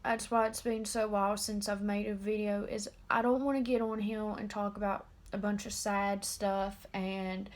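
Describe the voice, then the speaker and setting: An eighteen-year-old woman talking straight to camera in a personal confessional vlog, subdued and halting. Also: mid-range voice, level tone. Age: about 18. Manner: subdued, halting and openly emotional. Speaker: vlogger.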